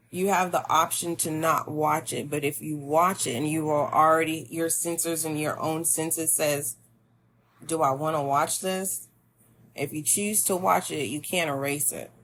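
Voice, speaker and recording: A woman's voice: low-pitched, fairly bright tone, a little hiss or hum. A woman giving a spiritual tarot reading, talking to the listener in a meandering, musing way. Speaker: tarot reader.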